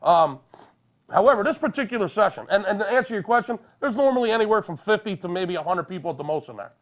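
A man's voice: high-pitched, fast. A man with a cold, sniffling and congested, co-hosting a podcast and telling stories animatedly with plenty of swearing. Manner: animated, profane storyteller. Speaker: podcast co-host. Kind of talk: casual podcast banter.

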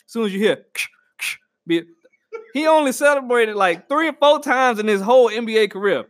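A high-voiced man hosts a podcast in a loose, comedic monologue. He slips into acted-out quotes and laughter. The recording is bone-dry, with no room sound. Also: brisk, no room sound. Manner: animated, slangy, acts out quotes with laughter. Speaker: podcast host.

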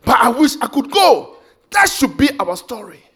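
A man's voice: extremely high pitch, very animated, moderate pace, a bit bright, husky. A man preaching an emotional, impassioned sermon.

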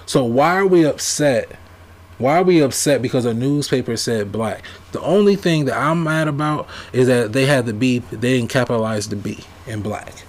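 A man giving a ranting commentary, emphatic and repetitive, firing off rhetorical questions. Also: medium pitch. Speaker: vlogger.

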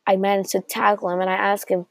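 Gravelly-voiced young woman rambling through a story. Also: medium pitch, little pitch movement, quick pace, no room sound, low-quality recording. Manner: rambling, with restarts and quoted dialogue. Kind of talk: telling a made-up story aloud.

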